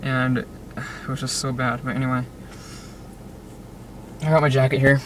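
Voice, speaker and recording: A man's voice: medium pitch, flat delivery, normal speed. Young man, rambling car vlog, distant mic, road noise underneath. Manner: rambling, restless, fillers and self-interruptions. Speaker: vlogger. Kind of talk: casual vlog while driving. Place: car in traffic.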